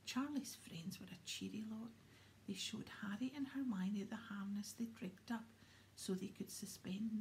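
A woman reading a storybook aloud in a soft, steady whisper. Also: mid-range voice, slight background noise. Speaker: audiobook reader.

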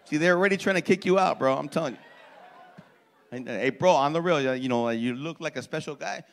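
A man's voice: a little high, brisk, creaky. A male stand-up comedian on a comedy club stage, doing crowd work in brash, profane, slangy street talk and teasing the audience.

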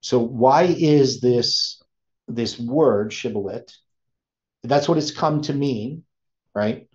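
A man giving an informal study lesson, thinking aloud with many pauses and restarts. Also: medium pitch, a little mellow. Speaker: teacher. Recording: dull lo-fi sound.

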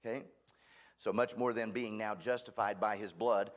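Speaking at a steady, normal speed in a lowish register, this man is a guest preacher giving a church sermon. His delivery is down-home and forceful, with self-deprecating jokes.

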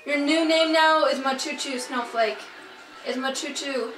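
Young woman gamer, high and unhurried, excitable and sweary; roomy, off-mic sound with game music behind. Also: distant mic. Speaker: let's play gamer. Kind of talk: casual gameplay commentary. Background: video game music.

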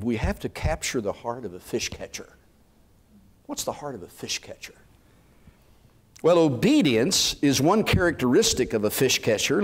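A man preaching a sermon, acting out what Bible figures might have said. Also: fairly high pitch. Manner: animated preaching, acting out Bible characters' words. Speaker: pastor.

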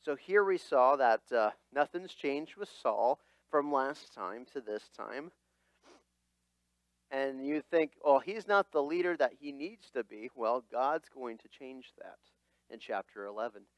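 Animated, lively-voiced male pastor preaching. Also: medium pitch, a little slow, dry recording. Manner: animated, dramatic voicing of quotes. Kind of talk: sermon. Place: church.

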